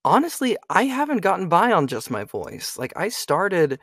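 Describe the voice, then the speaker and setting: A man's voice: sits high, huge pitch swings, moderate pace, fairly bright tone, breathy edge, dry recording, clean studio sound. A young man, a voice actor and audiobook narrator, chatting loosely in an interview and often asking "you know what I mean?". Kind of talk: casual interview chat.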